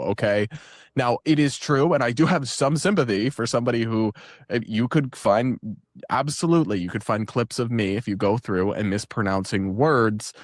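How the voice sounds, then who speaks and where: A man in a played clip, commenting in an even, reasonable way with small restarts. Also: fairly low pitch, no room sound, clean studio sound.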